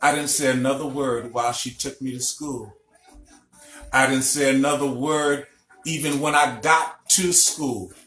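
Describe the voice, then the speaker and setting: Slow, bright-voiced man lecturing. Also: mid-range voice, fairly even intonation. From Illinois, USA. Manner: emphatic storyteller, checks in with listeners. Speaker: spiritual teacher. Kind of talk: recorded lecture broadcast. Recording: echoey room, faint music behind.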